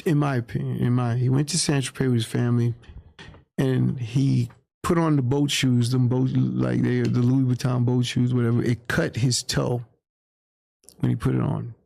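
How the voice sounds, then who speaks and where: A man's voice: medium pitch, flat delivery, normal speed, vocal fry, dark tone, no echo. A man from New York, a guest in an interview, telling a story in a candid, plain-spoken way and acting out what others said. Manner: candid, plain-spoken, acts out quoted voices. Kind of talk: casual storytelling.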